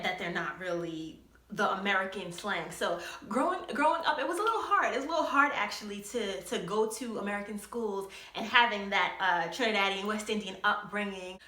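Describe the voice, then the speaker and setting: A young woman from New York City telling a storytime vlog in a chatty, animated way, with many likes and you-knows. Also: medium pitch. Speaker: vlogger. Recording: echoey room.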